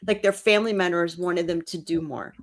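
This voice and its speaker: A woman with a lowish voice co-hosts a paranormal talk show. She chats quickly and tells personal stories with feeling, often restarting her sentences. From New Orleans. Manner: chatty, quick, emotional storytelling with restarts. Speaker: co-host. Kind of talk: casual chat.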